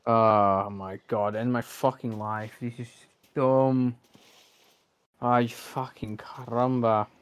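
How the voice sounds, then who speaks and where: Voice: mid-range voice, flat delivery, takes it slowly, clean tone. A gamer giving frustrated gameplay commentary, swearing often and talking at the game. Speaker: gamer streaming a playthrough.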